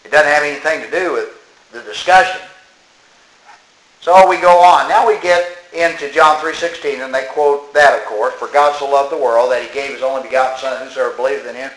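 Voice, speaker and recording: A man's voice: medium pitch, a little fast, fairly bright tone, reverberant, low-quality recording. A man reading a religious tract aloud and commenting on it as he goes, emphatic and scolding. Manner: emphatic, scolding, talks back to the text.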